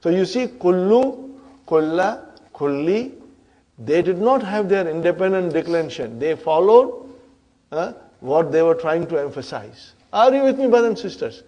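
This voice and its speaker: A man's voice: high-pitched, expressive, measured pace, warm tone, lo-fi sound. A man teaching an Arabic grammar class, often checking in with "huh?" and "brothers and sisters".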